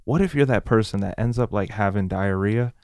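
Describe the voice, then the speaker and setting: A young man co-hosting a podcast, telling a story in lively casual chat and acting out the quotes. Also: lowish voice, brisk, dry recording, studio quality. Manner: animated storyteller, acts out quotes. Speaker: podcast co-host.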